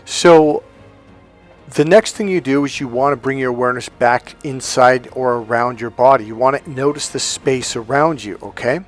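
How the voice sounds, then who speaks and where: A man giving an emphatic coaching talk on dating, telling anecdotes and acting out the quotes. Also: mid-range voice. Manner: emphatic, storytelling, acts out quotes.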